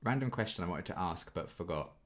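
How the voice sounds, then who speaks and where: Brisk and animated, a low-pitched young man in his twenties reads viewer questions aloud during an easygoing Q&A. He hosts a YouTube reaction channel and chats through his responses, dropping frequent ums.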